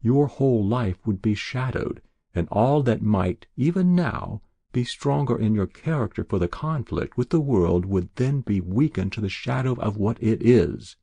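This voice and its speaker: A man's voice: fairly low pitch, animated, unhurried, creaky, dark tone, slightly rough, dry recording, full character voice. A man voicing an earnest, devoted young woman in an audiobook, speaking tenderly. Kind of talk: audiobook character voice.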